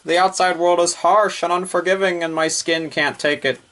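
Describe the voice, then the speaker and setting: A stubborn shut-in anime girl , as a man puts her on, whining in a voice pushed far above his own. She refuses to leave her room and pleads her case in a sulky, defiant tone. It is a plainly put-on falsetto in a casual comic bit. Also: fairly even intonation, moderate pace, a bit bright. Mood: whiny defiant. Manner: whiny, stubborn protests.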